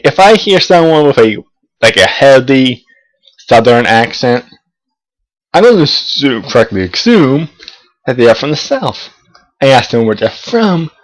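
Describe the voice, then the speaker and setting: A man's voice: medium pitch, poor audio. A young man, a college student, talking casually to camera in a rambling way, with frequent restarts and swearing. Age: young adult. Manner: rambling, profane, hesitant restarts. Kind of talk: casual talking-head vlog. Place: South of the United States.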